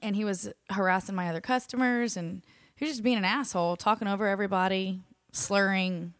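A woman's voice: medium pitch, steady tone, a little fast, dry recording. A young woman bartender tells stories bluntly in casual chat. Her voice sits mid-range and sounds dry and close to the mic. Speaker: bartender, podcast guest.

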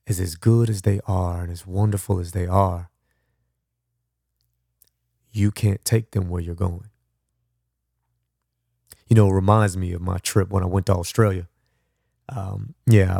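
A man with a low, gravelly voice hosts a motivational podcast. He rambles conversationally and often restarts his thoughts. The recording is dry and close. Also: a little mellow, no echo. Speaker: podcast host. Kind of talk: reflective motivational monologue.

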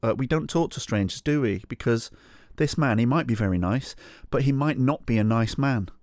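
A man's voice: mid-range voice, moderate pace, darkish tone, no echo, clean studio sound, voice pushed up, close to an everyday voice. A man voicing a prim young mother who cautiously scolds her child. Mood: prissy.

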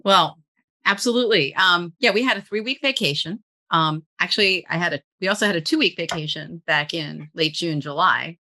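A middle-aged woman talks as an interview guest in a low, bright voice. She rambles in an easy, chatty way, restarting sentences and laughing often. Her tone is relaxed and conversational. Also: a little fast. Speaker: guest copywriter. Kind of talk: casual interview chat.

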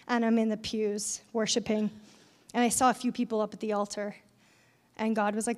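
High-voiced woman telling a church story. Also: a little fast, long reverb tail. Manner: animated storytelling, acting out voices in quotes. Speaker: speaker at a church event. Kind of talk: conversational sermon with personal story.

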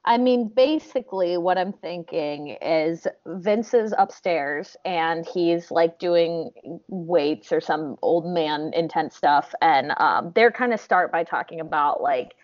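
A woman's voice: sits low, a little slow. An American woman in her thirties, a comedy performer, chatting on a podcast in a rambling, giggly way with lots of fillers. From United States. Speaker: guest, improv comedian. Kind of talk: casual podcast chat. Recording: dry, muffled lo-fi audio.

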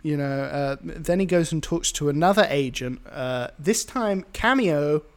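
A man's voice: on the high side, animated, unhurried, clear, resonant tone. Chatty British man recapping a movie. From Britain. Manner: rambling, filler-heavy, giggly. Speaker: podcast host. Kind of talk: casual movie recap chat.

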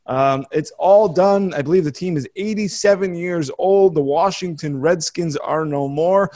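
An American man hosting a podcast, rambling in casual chat with many restarts and quick laughs. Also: fairly high pitch, dark tone. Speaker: podcast host.

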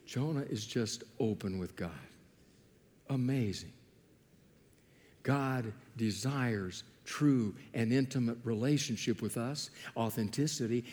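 A man preaching a sermon, telling Bible stories with lively acted-out dialogue. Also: medium pitch, in a large hall. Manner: animated storytelling, acting out biblical dialogue. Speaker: pastor.

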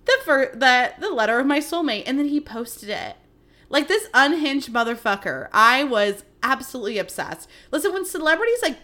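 A young adult woman hosting a solo podcast, chatting in a gossipy, animated way, swearing freely and laughing often. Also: on the high side. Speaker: podcast host. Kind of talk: casual solo podcast chat.

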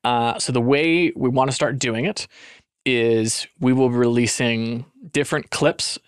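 A man's voice: mid-range voice, fairly even intonation, a little slow, clean tone, no room sound, clean studio sound. A man co-hosting a casual podcast, joking and laughing often, recorded on a phone. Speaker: podcast co-host. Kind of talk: casual chat.

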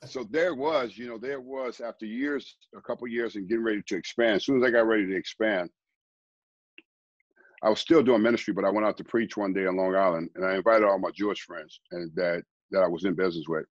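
Deep-voiced man telling his story quietly. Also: steady tone, brisk, dry recording, muffled recording. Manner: rambling, repeats words, quiet low delivery. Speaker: guest, former baseball player turned preacher. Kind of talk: conversational storytelling.

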